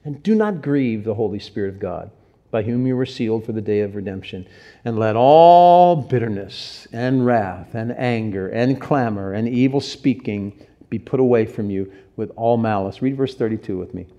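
Preaching man, loud then hushed. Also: on the low side, expressive, normal speed, highs cut off. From Cincinnati, Ohio. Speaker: pastor. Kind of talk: sermon.

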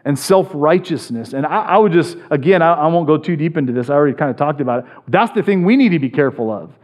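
Animated high-voiced male preacher. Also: quick pace. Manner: animated preaching, swings between loud emphasis and low asides, frequent "right?". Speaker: pastor. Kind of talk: sermon.

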